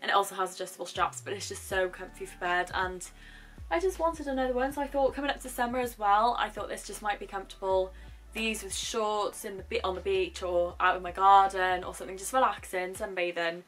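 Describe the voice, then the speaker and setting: A woman's voice: mid-range voice, brisk, a bit bright. A young woman vlogger chatting casually and gushing about a shopping haul. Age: young adult.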